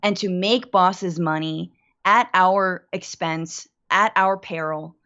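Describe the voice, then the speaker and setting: A woman's voice: on the low side, slow, pushed and bright, highs cut off. A woman co-hosting a political commentary show, impassioned and rhetorical, stacking repeated phrases for emphasis. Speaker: guest co-host.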